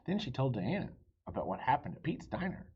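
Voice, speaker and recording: A man with a husky voice, reading a children's chapter book aloud in an animated, friendly way and asking the listeners questions. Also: mid-range voice, brisk, dull audio. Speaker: storybook reader.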